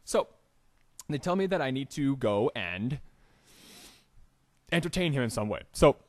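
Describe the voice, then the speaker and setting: A man's voice: medium pitch, animated, measured pace, a little mellow, no echo. A man from Indiana co-hosting a podcast, telling an improvised story in a rambling, hesitant way with lots of fillers. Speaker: podcast co-host.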